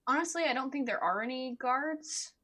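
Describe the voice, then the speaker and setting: A woman's voice: high voice, lively intonation, normal speed, bright, forceful tone. A woman playing in a tabletop game, describing things hesitantly with many fillers. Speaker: player. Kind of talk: casual tabletop game chat.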